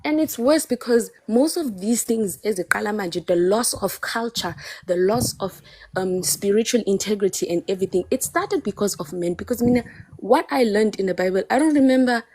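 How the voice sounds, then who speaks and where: A South African woman speaks on a live-stream panel in a warm, mellow voice, recorded dry and close on a phone. She argues with passion and insistence, pressing each point hard and defending herself against the men on the call. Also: medium pitch, expressive, normal speed, husky, no echo. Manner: impassioned, defensive, emphatic. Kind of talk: heated live-stream debate.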